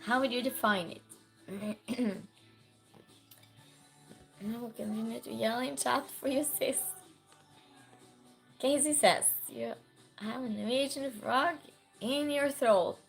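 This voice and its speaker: A hoarse woman with a cold reads her viewers' messages aloud on a livestream and answers them in a slow, unhurried way. Her voice sits a little high and turns gravelly from the sore throat, and she keeps clearing it. Faint music plays underneath. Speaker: livestream host reading chat. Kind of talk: casual chat.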